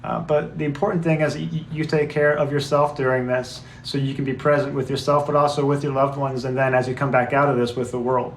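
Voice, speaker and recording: A man's voice: mid-range voice, little pitch movement, a little fast, few pauses. Earnest man in a roomy echo. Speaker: co-host. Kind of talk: reflective spiritual talk. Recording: roomy echo, faint background noise.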